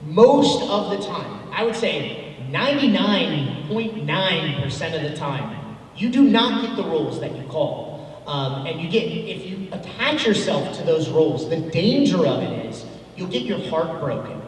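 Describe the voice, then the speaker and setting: A chatty man in his thirties, with a slightly high voice, rambles through a casual convention panel answer full of ums and restarts. He is recorded from far back in a big, echoey hall with a long reverb tail. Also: big pitch swings, unhurried. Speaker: voice actor guest at a convention panel.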